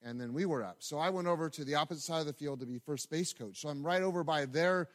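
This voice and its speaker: A pastor preaching a sermon in a conversational, storytelling way, with asides to the congregation and frequent repeated words. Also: male voice, fairly high pitch, quick pace.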